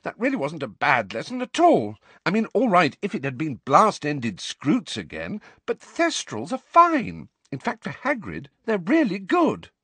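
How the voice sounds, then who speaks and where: A man's voice: fairly high pitch, huge pitch swings, measured pace, hardly any pauses, bright, forceful tone, husky, no echo, pitched above the performer's own voice, heavily acted. A man voicing an indignant, clever teenage schoolgirl in an audiobook.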